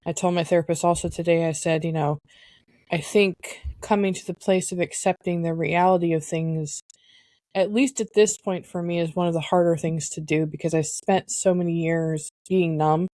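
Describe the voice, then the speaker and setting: A woman co-hosting a podcast, talking candidly and reflectively, pausing often to search for words. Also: lowish voice, fairly even intonation, dark tone, no room sound. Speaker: podcast co-host. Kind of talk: candid personal conversation.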